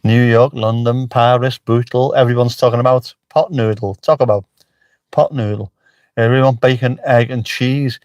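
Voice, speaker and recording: A man's voice: mid-range voice, fairly even intonation, normal speed, a little mellow, dry recording. A middle-aged man chatting casually on a livestream, joking and swearing freely as he answers the chat. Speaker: livestream host. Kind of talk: casual live-stream chat.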